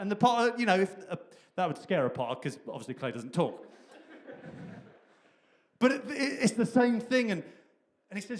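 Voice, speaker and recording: A man preaching a sermon, retelling the scripture story in a lively, conversational way, acting out the dialogue and laughing often. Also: high voice, moderate pace. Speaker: pastor.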